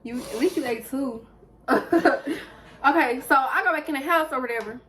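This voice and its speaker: A young woman vlogger, telling a story in a casual, animated way while eating on camera. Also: sits high, normal speed, slight background noise, low-quality recording. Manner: lively, animated retelling with acted quotes. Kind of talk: casual storytelling during a mukbang.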